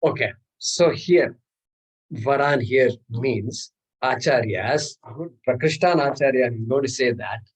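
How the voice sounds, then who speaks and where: A man's voice: mid-range voice, slow pace, breathy edge, rough recording. A man, teaching a scripture class and explaining terms patiently, repeating words and chuckling often. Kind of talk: class lecture.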